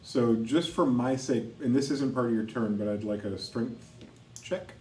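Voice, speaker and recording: A man running a tabletop game as game master, narrating and ruling on rolls in a relaxed, wry way. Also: mid-range voice, normal speed. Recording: roomy echo, mic at a distance, faint noise.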